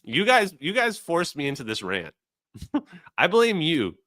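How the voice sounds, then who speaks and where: Male streamer, higher bright voice, dry close sound, mocking casual rant. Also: wildly swooping pitch, unhurried, no room sound. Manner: sarcastic, exasperated, mocking; addresses the chat directly. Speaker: livestream host.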